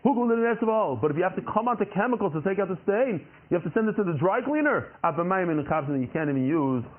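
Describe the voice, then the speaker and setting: A man's voice: high voice, expressive, racing. Man teaching a class over a tinny line. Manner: explains by asking and answering his own questions. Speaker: Talmud teacher. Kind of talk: classroom Talmud lesson. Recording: tinny phone-like recording.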